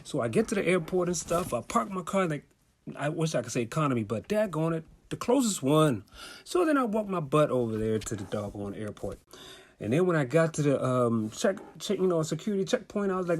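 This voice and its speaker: Young man from D.C., casual comic storyteller, lively pitch, does voices. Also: fairly quick. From Washington, D.C. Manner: animated, acts out voices with high squeals.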